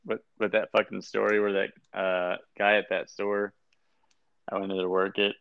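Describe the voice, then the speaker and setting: A man's voice: lowish voice, flat delivery, moderate pace, creaky, clear, resonant tone, dull audio. A man in casual chat as a podcast co-host, telling rambling stories with swearing. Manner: laid-back, rambling storytelling with swearing.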